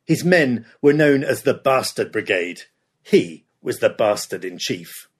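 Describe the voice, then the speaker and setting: Husky male history narrator. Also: mid-range voice, lively intonation, unhurried. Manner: dramatic storytelling.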